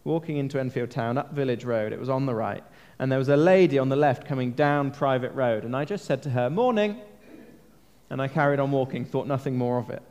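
Earnest preacher in a reverberant hall. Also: male voice, medium pitch, steady tone, fast, few pauses, darkish tone, clear, resonant tone. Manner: earnest, conversational, asks questions of listeners. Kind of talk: sermon. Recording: long reverb of a large hall.

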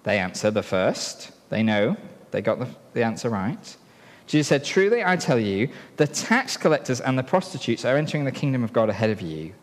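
A man preaching a sermon in a church, telling a story and drawing helpers into it in a playful, lively way. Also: medium pitch, a little fast. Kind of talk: sermon with a live object lesson. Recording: long reverb in a hall.

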